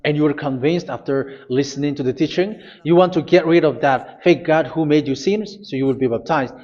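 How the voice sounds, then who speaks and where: Man, preacher, sermon, insistent, repetitive, hesitant, slightly high voice, muffled lo-fi sound. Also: a little fast, a little mellow. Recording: dull lo-fi recording.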